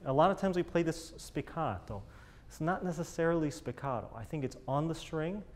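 A man's voice: a little high, expressive, brisk. A man teaching a chamber music master class, encouraging the players and singing phrases in scat syllables. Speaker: bass teacher coaching a chamber group.

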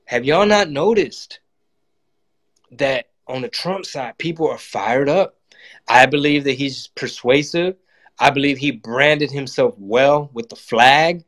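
A man's voice: mid-range voice, slow pace, a bit bright. A man giving a casual, profane political monologue and acting out quotes in voices. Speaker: comedian and channel host.

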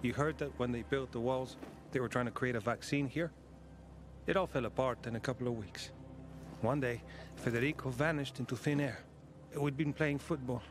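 A man's voice: medium pitch, moderate pace, background noise, natural voice. An actor playing a curious, earnest young male villager in a video game, asking questions eagerly. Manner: inquisitive, earnest. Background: game music.

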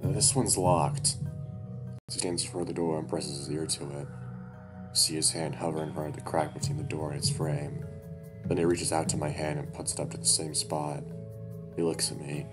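A man narrating a first-person story aloud in a quiet, steady way. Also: a bass voice, brisk, over music.

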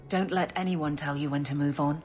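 A low-voiced grieving guard captain, played by a woman for a game, quiet and restrained, never raising her voice. Her words come plain and steady, and faint music plays under her. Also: fairly quick, close to an everyday voice. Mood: tender.

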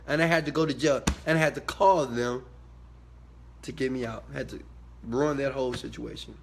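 A man giving a motivational talk to his viewers, emphatic and preachy, swinging from quiet asides to loud shouted bursts. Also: medium pitch, a little fast. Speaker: motivational speaker.

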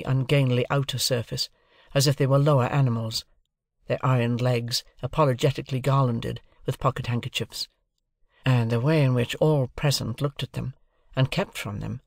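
Male audiobook narrator, gravelly voice, measured reading, dry close sound. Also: mid-range voice, no echo.

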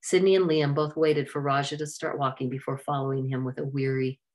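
Low-voiced woman reading a storybook. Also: flat delivery, fairly quick, darkish tone. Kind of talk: storybook narration.

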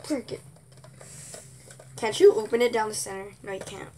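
A woman's voice: on the high side, measured pace, long pauses, a little mellow, a little hiss or hum. A woman reviewing a product in casual chat, sarcastic and giggly, often exasperated.

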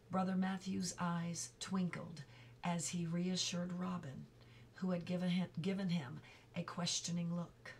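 Slow, low-voiced woman reading a storybook. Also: little pitch movement, darkish tone, far from the mic, slight background noise, rough recording. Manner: slow, careful reading with small slips and apologies. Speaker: reader. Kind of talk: children's book read-aloud.

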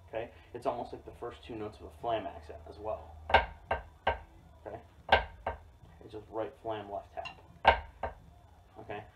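A man teaching a drum rudiment in a relaxed, explanatory way, often checking in with "okay?". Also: on the low side. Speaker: drum instructor. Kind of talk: casual instructional demo. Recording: distant mic with loud noise and drum clicks.

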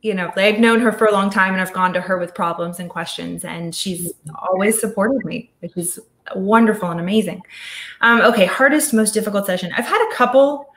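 A middle-aged woman talks casually about her work on a video call, thoughtful and chatty, often restarting her sentences. Her voice sits at an ordinary pitch, and the room around her sounds echoey. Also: a little fast, a bit bright, slight background noise. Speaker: audio studio founder, guest speaker. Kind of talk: casual virtual talk.

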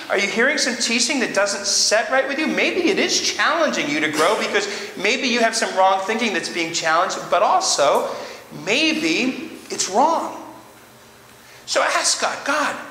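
Man, pastor, sermon, high bright voice, earnest, emphatic, long church reverb. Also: big pitch swings, normal speed. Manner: earnest, emphatic, repeats key phrases. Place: church sanctuary. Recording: roomy church reverb, faint background noise.

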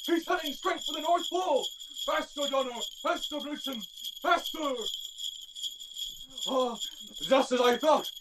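An elderly Santa in a school stage play, acted by a young woman, calling out to his reindeer. The voice is high and excited, heard from far off the mic. The recording carries a clear hiss of noise. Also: measured pace, pauses often. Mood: urgent. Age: young adult. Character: jolly elderly Santa driving his sleigh. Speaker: student actor. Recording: distant, noisy stage recording.

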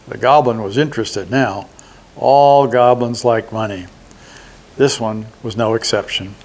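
An older man reads a children's holiday story aloud at an unhurried pace. His own voice is in a middle range, steady and deliberate between the character parts. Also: mid-range voice. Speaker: resident reading a story.

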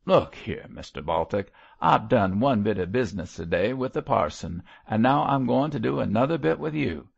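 A man doing a rough-spoken surly prisoner, gravelly growl, contemptuous, low voice, muffled lo-fi sound. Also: lively intonation, normal speed, hardly any pauses, full character voice. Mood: sullen. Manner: growling, contemptuous, dropped aitches. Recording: muffled lo-fi recording.

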